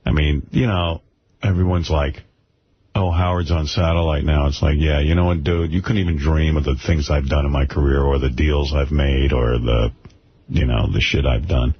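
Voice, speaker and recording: Deep-voiced blunt radio host. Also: male voice, fairly even intonation, normal speed, a little hiss or hum. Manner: blunt, boastful, profane. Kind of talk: radio banter. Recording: muffled radio broadcast.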